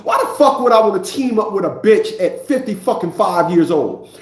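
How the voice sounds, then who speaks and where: A man's voice: sits high, expressive, moderate pace, echoey room. A man in his fifties ranting in a preachy, profane monologue, often repeating himself. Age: 50s. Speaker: vlogger.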